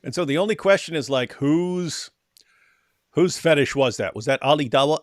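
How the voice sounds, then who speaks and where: A sarcastic man hosting a loose livestream chat, his voice sitting a little high. He mocks freely and lets his lines sink to a mutter at the end. The sound is close and dry. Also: normal speed, no room sound. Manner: sarcastic, mocking, trailing off quietly at line ends. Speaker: host.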